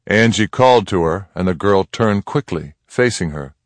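A man narrating a western story aloud in a calm, even storytelling manner. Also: deep voice, moderate pace, no echo. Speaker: audiobook narrator.

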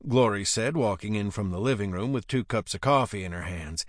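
A man's voice: lowish voice, fairly quick, hardly any pauses, no room sound, clean studio sound. A man narrating first-person fiction with a wry, gritty delivery. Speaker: audiobook narrator.

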